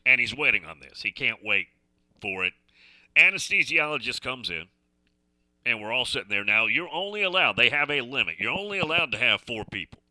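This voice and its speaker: A man's voice: mid-range voice, big pitch swings, a little fast, sharp tone, dry recording. A middle-aged man hosting a radio talk show, telling a folksy story in a chatty way that repeats and restarts phrases. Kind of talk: casual storytelling chat.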